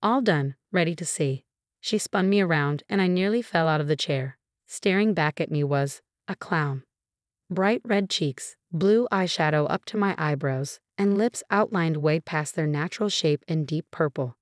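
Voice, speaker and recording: Even, steady woman narrator for a first-person story; low-pitched, dry. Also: normal speed, no echo.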